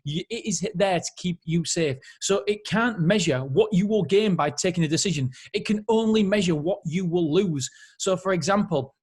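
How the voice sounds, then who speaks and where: Husky man, earnest pep talk. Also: sits high, normal speed, hardly any pauses, darkish tone. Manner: earnest, addresses listeners as friends. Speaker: podcast host. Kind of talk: solo motivational podcast talk.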